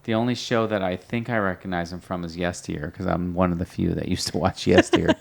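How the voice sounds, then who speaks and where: A woman's voice: extremely low pitch, fairly even intonation, brisk, gravelly. A woman co-hosting a podcast, chatting casually with hedging asides while recapping a sitcom. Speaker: podcast co-host.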